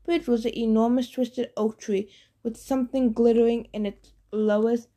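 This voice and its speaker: A woman narrating an audiobook in a steady, expressive reading voice. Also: a little high, moderate pace.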